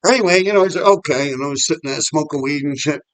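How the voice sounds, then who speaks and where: A middle-aged graffiti writer vlogger from New York City speaks on the high side and fast, with no room sound. Walking a path outdoors, he tells old graffiti stories casually, rambling, swearing plenty and laughing often.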